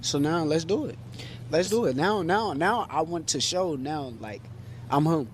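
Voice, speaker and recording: A man's voice: a little high, lively intonation, measured pace, slight background noise. A male boxer giving a cocky interview, brushing off his rivals. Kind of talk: interview clip.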